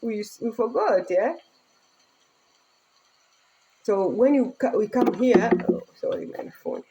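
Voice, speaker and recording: A woman's voice: fairly high pitch, animated, slow pace, heavy background noise. Earnest Tanzanian-born woman vlogger. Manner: earnest, speaking broken English with laughter. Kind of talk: casual personal vlog.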